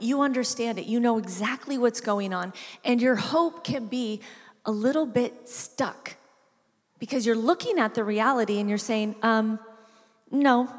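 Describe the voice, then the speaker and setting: A woman giving a sermon, telling a family story and acting out the voices in it. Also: a little high. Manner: storytelling, acts out voices with animated shifts. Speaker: preacher. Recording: reverberant hall.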